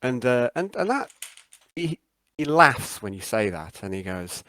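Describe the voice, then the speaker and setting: A man narrating a tabletop game as game master, in a relaxed way with hesitant restarts. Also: medium pitch, unhurried, no echo.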